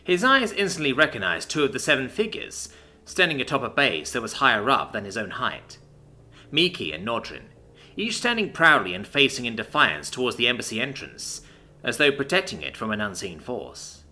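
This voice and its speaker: A man narrating a science fiction story in an expressive, scripted reading. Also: medium pitch, moderate pace, soft background music.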